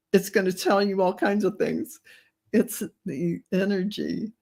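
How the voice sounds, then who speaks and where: Woman guest, low-ish pitch, loose, expressive, easy laugh, spiritual chat. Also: unhurried. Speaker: guest channeler. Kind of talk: casual spiritual conversation.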